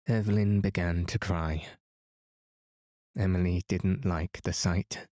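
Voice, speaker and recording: Soothing male bedtime narrator, mellow and dry. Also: low-pitched, takes it slowly, long pauses, no echo. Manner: calm, soothing reading. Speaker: podcast narrator.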